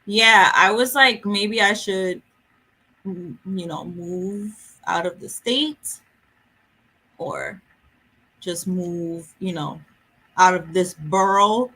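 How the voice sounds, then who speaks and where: A woman's voice: fairly low pitch, slow pace, long pauses, pushed and bright, breathy edge. A woman hosting a book vlog, chatting casually and jokingly with viewers during a livestream. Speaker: book vlogger host. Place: home in a city.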